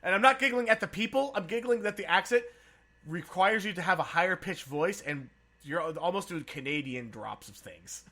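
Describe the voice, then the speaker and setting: Man, podcast host, from San Diego, bright forceful voice, casual chat, swears and laughs a lot. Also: high voice, lively intonation, normal speed. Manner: swears freely and laughs often.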